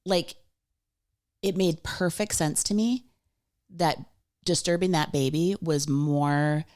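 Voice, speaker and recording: Woman co-host, low voice, relaxed conversational banter. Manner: quick to laugh, responsive, conversational. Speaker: podcast co-host. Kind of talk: casual chat.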